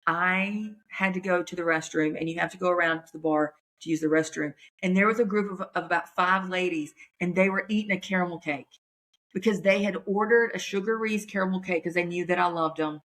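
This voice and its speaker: A woman comedian, talking in a chatty, folksy, animated way on her podcast. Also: on the low side, fairly quick. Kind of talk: casual chat.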